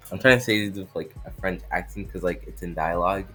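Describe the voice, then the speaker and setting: A man hosting his channel, reading a fan story aloud in a halting way with frequent restarts and fillers. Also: deep voice, bright, forceful tone, soft background music, low-quality recording. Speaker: fanfic reader and channel host. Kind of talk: amateur fanfic reading.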